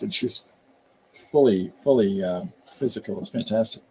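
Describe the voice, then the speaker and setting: A man's voice: on the low side, animated, a little slow, mellow, a little hiss or hum. A man casually chatting on a live stream, rambling about accents and reading viewer comments aloud as he goes. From Canada. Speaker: comic artist hosting a live stream.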